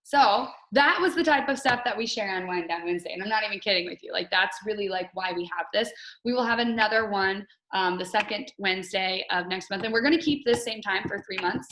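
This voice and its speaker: A woman's voice: medium pitch, brisk, fairly bright tone, reverberant, poor audio. A woman coach hosting a casual team video call, chatty and candid, often laughing as she talks.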